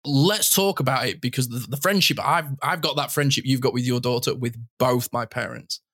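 A man's voice: medium pitch, a little fast, bright, forceful tone. A man in his thirties hosting a podcast in casual chat, speaking in a heartfelt and emotional way, close to tears. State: tearful. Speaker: podcast host.

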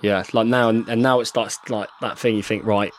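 An English man in his thirties, a professional rugby player, chatting excitedly while rewatching match footage and calling his friend "mate" constantly. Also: fairly low pitch, fairly quick. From England. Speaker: guest, professional rugby fly half. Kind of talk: casual chat while watching match footage.

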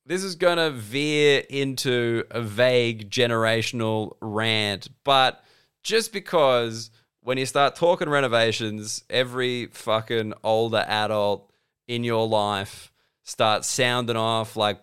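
A man's voice: medium pitch, a little slow, fairly bright tone, clean tone. A man in his thirties with an Australian accent, rambling through a sardonic comedic monologue and acting out both sides of the conversations he describes. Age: 30s. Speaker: comedian and podcast host.

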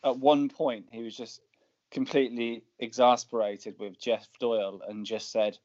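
A man's voice: mid-range voice, steady tone, normal speed, darkish tone. A man in casual chat who tells stories and laughs easily. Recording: dull lo-fi, dry.

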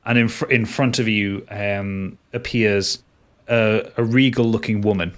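A man's voice: lowish voice, fairly even intonation, a little slow. A man narrating as game master of a tabletop game, talking with frequent hesitations. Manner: hesitant, many fillers and restarts.

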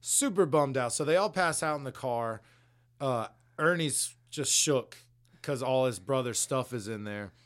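A man's voice: mid-range voice, animated, a little slow. A man co-hosting a podcast, casually retelling a story in loose, slangy language with frequent swearing. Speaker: podcast co-host. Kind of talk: casual chat recapping a story.

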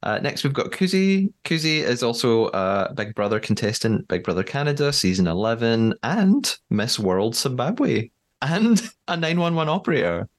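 A man's voice: medium pitch, sing-song, moderate pace. A man hosting a podcast in casual chat, chatty with frequent fillers and easy laughter. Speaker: podcast host.

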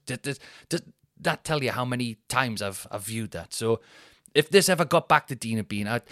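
A man's voice: mid-range voice, fairly bright tone, dry recording, studio quality. Rambling self-mocking man. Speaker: podcast host. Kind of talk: casual storytelling monologue.

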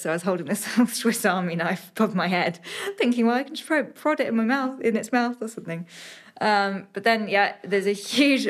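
British woman telling adventure stories. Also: lowish voice. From Britain. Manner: animated, many fillers and restarts. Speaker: adventurer guest. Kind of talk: storytelling in a podcast interview.

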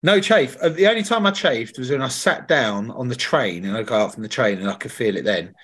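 Man, podcast host, mid pitch, casual slangy storyteller. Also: lively intonation, brisk, a bit bright, breathy edge. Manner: chatty storyteller, swears, slangy. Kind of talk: casual chat.

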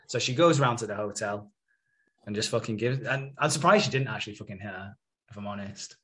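A man's voice: lowish voice, fast talker, fairly bright tone. A man co-hosting a podcast, casually recapping a soap episode and swearing freely. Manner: sweary, acts out characters' lines in retelling. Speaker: podcast co-host.

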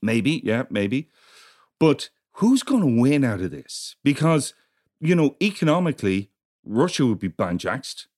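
Male co-host, casual, expressive intonation. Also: medium pitch, unhurried. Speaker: podcast co-host. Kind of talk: casual chat.

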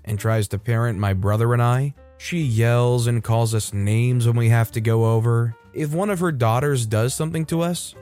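A man reading online stories aloud in a steady, conversational way and adding brief comments of his own. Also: medium pitch. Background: faint background music.

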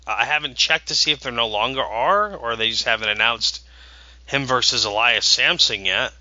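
A man's voice: medium pitch, moderate pace, bright, forceful tone, no room sound, poor audio. A man in his thirties, a podcast co-host, telling a rambling, eager story with many restarts. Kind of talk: casual podcast chat.

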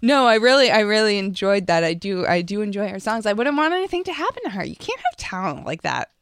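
Female co-host, relaxed and chatty, mid-pitched voice, dry close sound. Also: fast talker, smooth, no room sound. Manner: easygoing, laughs readily. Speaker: radio show co-host. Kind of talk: casual talk show banter.

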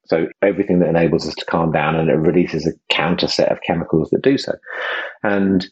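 A man hosting a casual podcast conversation, enthusiastic and self-deprecating, slipping into quick impressions. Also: low voice, fairly even intonation, husky, highs cut off. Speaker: host and project creator.

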